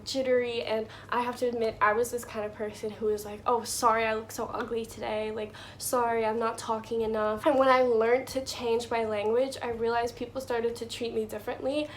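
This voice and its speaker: Young woman, casual vlog advice, chatty with fillers, faint hiss behind. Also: a little high. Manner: chatty, many fillers like "you know" and "like". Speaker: video creator giving life advice.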